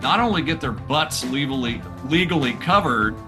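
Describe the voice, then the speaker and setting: A man's voice: medium pitch, expressive, normal speed, over music. A man from the American Northwest hosting a casual podcast, friendly and teasing as he introduces and questions his guest. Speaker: podcast host.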